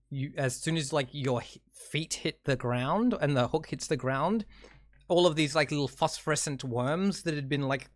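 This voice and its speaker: A man narrating as game master, halting and full of fillers and restarts. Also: medium pitch, no room sound, clean studio sound.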